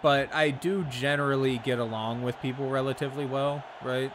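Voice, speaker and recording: A man's voice: medium pitch, steady tone, moderate pace, background noise. A man streaming a video game, chatting casually with viewers, laid-back and profane, laughing often. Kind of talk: casual chat while gaming.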